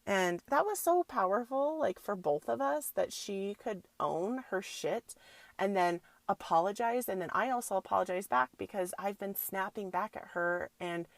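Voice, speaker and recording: A woman's voice: mid-range voice, normal speed, gravelly, no room sound. A woman in her thirties hosting a spiritual self-help podcast, chatting freely with many filler likes and calling her listeners soul sisters. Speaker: podcast host, yoga teacher.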